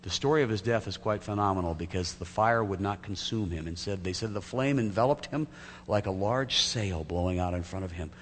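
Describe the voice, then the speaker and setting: With a low voice and a slightly quick pace, a pastor delivers a sermon built around a vivid story, performing its scenes as he goes. It's recorded in an echoey church sanctuary with a faint hum.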